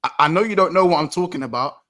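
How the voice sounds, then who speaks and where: A man hosting a casual football chat, excitable, swearing and repeating himself. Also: a little high, rapid-fire, no room sound. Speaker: football podcast host.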